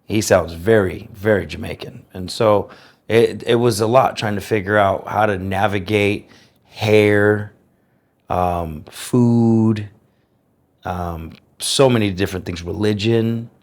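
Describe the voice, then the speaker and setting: In an interview, a man from the United States recounts his own story with earnest reflection and clear, careful diction. He takes it slowly, his fairly low voice holding a steady tone.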